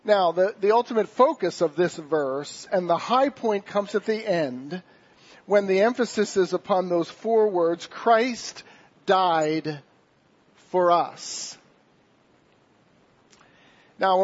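A man preaching a sermon in a church, earnest, slowing down to stress key words. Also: sits high, dull audio. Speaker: pastor.

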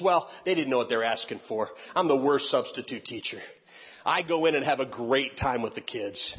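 A man, a youth pastor and speaker, telling a funny story in an animated way and acting out each person's voice. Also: mid-range voice, moderate pace, husky. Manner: animated, acts out every voice. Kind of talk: comic storytelling talk. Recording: dull lo-fi recording.

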